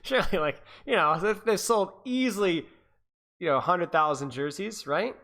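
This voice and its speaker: A man chats loosely with viewers on a casual livestream, his pitch swinging up and down a lot as he rambles, repeats phrases and laughs between thoughts. His offhand coaching-stream style is expressive, bright and forceful, at a normal speed.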